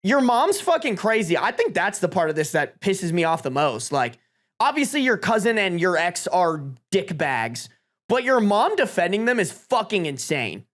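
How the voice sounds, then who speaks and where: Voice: medium pitch, big pitch swings, normal speed, a bit bright. A live streamer reading Reddit posts aloud to chat, with reactions. Swears freely and laughs often. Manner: talks to chat.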